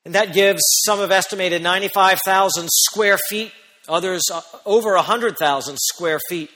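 A man preaching a sermon as pastor, who speaks emphatically and rises to near-shouts on key points. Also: high-pitched, moderate pace, long reverb tail.

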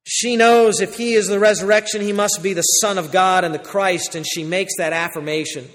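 A pastor preaching a sermon, shifting between loud, urgent exhortation and quiet, intimate passages. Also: male voice, high-pitched, steady tone, moderate pace, in a large hall.

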